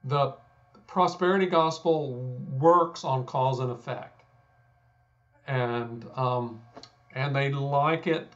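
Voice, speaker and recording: A man's voice: medium pitch, takes it slowly, long pauses, a bit bright, lo-fi sound. A man from Texas with a Texan accent, talking through ideas in a thoughtful, self-deprecating way with many fillers and restarts. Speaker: guest scholar. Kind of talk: conversational explanation.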